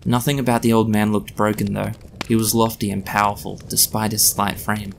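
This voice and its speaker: A man reading his own story aloud in a measured, dry narration. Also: fairly low pitch, little pitch movement, creaky, a little hiss or hum.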